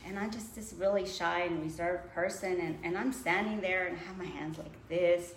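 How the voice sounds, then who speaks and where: A woman's voice: on the low side, steady tone, normal speed. A woman telling a personal faith story in casual conversation, laughing often and acting out her own past thoughts. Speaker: guest. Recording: echoey room, faint noise.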